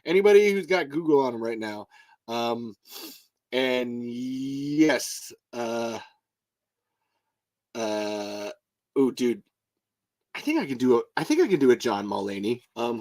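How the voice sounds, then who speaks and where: A man hosting a casual livestream, reading comments aloud in an excitable, rambling way and swearing often. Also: mid-range voice, no room sound. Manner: excitable, swears a lot, jumps between topics. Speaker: livestream host.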